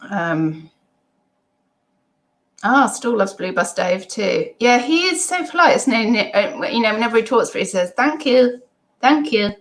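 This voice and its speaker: A woman's voice: medium pitch, lively intonation, a little slow. A middle-aged woman, hosting a casual live stream at home, reading chat comments and rambling with many ums and asides.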